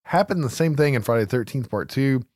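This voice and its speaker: A man's voice: mid-range voice, expressive, quick pace, a little mellow, dry recording, clean studio sound. A man co-hosting a podcast, casually recapping a film, laughing often and swearing freely. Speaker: podcast co-host. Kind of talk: casual movie recap chat.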